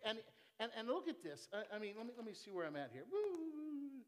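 A man preaching with a slightly high-set voice. His delivery is animated, leaping from loud bursts to hushed asides, and he jokes easily with his congregation. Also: normal speed. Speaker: pastor. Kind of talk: sermon.

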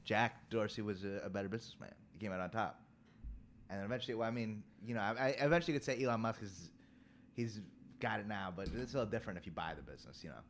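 A man co-hosting a podcast, talking in a measured, insistent way and reading facts aloud. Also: lowish voice, slight background noise. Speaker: podcast co-host. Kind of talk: casual chat.

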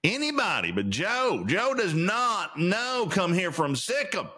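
A man's voice: sits high, big pitch swings, measured pace, pushed and bright. A man hosting a solo podcast, ranting indignantly about the news with lots of stammered restarts. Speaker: podcast host. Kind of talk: opinionated solo commentary.

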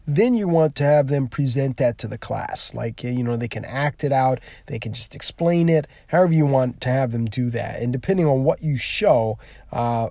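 A man explaining a classroom activity, rambling and full of restarts. His voice is mellow and dark. The recording is dry and close. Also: medium pitch, dry recording. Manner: rambling, many fillers and restarts. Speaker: teacher.

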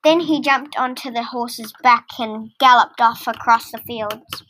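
A woman reading a children's story aloud in a gentle, deliberate storytelling manner. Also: fairly high pitch, slight background noise.

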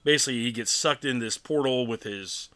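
Guy with a bright voice rambling through a movie recap, lots of ums. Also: mid-range voice, a little fast. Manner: rambling, animated retelling with acted-out quotes. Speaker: podcast co-host. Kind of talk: casual chat recapping a film.

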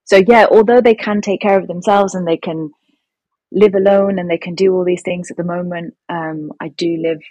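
Low, husky-voiced young woman, hesitant. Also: steady tone, moderate pace, dark tone, no room sound, rough recording. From England. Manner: hesitant, many ums and restarts. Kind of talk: casual conversation.

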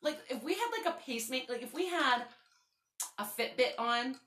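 A young woman, hosting a podcast and telling stories in a casual, animated, swearing style, with a runny nose. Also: sits high, fairly quick. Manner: animated, swearing storyteller, lots of "like". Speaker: podcast host. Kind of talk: casual chat. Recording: echoey room.

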